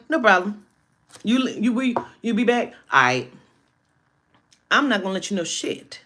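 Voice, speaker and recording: A woman telling a personal story in a casual monologue, animated and emphatic, with heavy profanity. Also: mid-range voice, unhurried, slight background noise.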